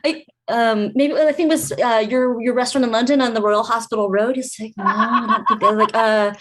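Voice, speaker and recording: Woman, storyteller, fairly high voice, casual podcast chat, slips into others' voices. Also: a little fast. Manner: lively anecdote teller who acts out others' voices. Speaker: food industry expert guest.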